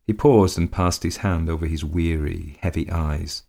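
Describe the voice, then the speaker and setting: A man reading a classic short story aloud in a measured, unhurried way. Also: low voice, steady tone, gravelly, darkish tone. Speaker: narrator.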